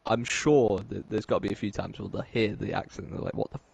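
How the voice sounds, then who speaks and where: A man's voice: on the low side, steady tone, fast, creaky, darkish tone, slightly rough, no room sound. An English man chatting casually on a podcast, laid-back and rambling, chuckling often. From England. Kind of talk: casual chat.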